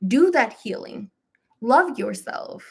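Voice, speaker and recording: A woman hosting a spiritual live stream, talking casually and encouragingly with some laughs and relaxed colloquial phrasing. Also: on the high side, slow, creaky, slightly rough. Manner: warm, chatty, with laughs, mild self-deprecation and AAVE phrasing.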